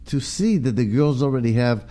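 A man's voice: medium pitch, moderate pace. A man with a chesty cough, chatting casually as a co-host, telling stories with lots of "you know"s. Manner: chatty, animated storytelling with many "you know"s. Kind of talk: casual chat.

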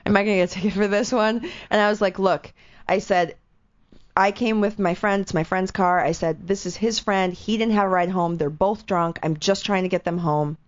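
A young woman, an actress and radio host, telling a lively story in casual chat and acting out the people in it. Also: mid-range voice, normal speed, no echo. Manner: animated, quotes people in voices, lots of "like". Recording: dull, dry lo-fi sound.

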